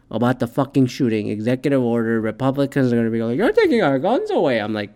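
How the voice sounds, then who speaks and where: A man hosting his own show, delivering a heated, profanity-laden opinion rant that swings between loud outbursts and quieter asides. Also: mid-range voice, smooth. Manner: heated, swears constantly, shifts loud and soft. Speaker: podcast host.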